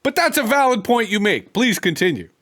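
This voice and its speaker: A Canadian man hosts a podcast conversation, his voice swinging widely up and down as he talks. He hams it up, stumbling into quick restarts before landing his point. His voice sits a touch high for a man. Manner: animated and hammy, with stammered restarts. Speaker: podcast host.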